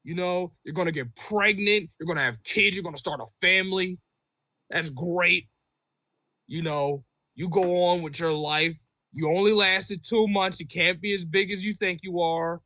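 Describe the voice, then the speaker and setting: A man's voice: high voice, steady tone, normal speed, sharp tone, dry recording, voice pushed up. A man voicing a belligerent male bar customer who nags and insults the staff, as an acted quote in a podcast story. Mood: spiteful. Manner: indignant, nagging, insulting. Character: belligerent middle-aged male bar customer, whiny and bitter.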